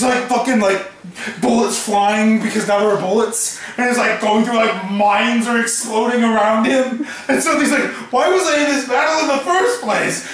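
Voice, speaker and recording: Heard from afar in a very echoey room with a crowd nearby, a man whose voice sits high and fairly bright improvises a comic tall tale. His telling is rambling and profane, broken up by frequent laughter and many "like" fillers.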